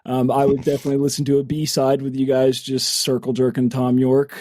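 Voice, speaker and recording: A man's voice: mid-range voice, completely flat delivery, a little fast, warm tone. A man co-hosting a casual podcast, swearing freely in incredulous banter. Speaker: podcast co-host.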